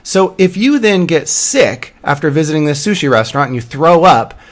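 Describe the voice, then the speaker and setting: A man's voice: a little high, animated, moderate pace. A man lecturing to a university course, explaining step by step, often repeating phrases and checking in with "right?". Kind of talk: recorded lecture.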